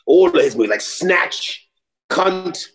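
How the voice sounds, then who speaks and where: Middle-aged New comic, chatty, animated raconteur. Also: male voice, sits high, takes it slowly, low-quality recording. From New York. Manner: animated storyteller, slips into mock British voices. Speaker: actor and comedian guest. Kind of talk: casual interview chat.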